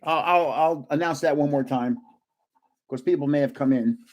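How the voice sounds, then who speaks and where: An older man casually opening trading cards on a live stream, chatty and excitable, guessing aloud and laughing often. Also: fairly high pitch, normal speed, muffled recording. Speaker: card-opening vlogger.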